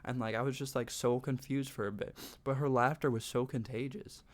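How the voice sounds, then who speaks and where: A man's voice: mid-range voice, fairly even intonation, a little fast. A young man vlogging from his bedroom, telling a personal story in a rambling, casual way, full of "like" and swearing. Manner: rambling, heavy use of "like", sweary.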